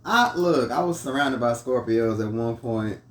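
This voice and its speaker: A man's voice: mid-range voice, animated, a little slow. A man hosting a casual chat over drinks, laid-back and rambling. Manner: laid-back, storytelling with many restarts. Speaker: host. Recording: echoey room, voice from mic distance, faint noise.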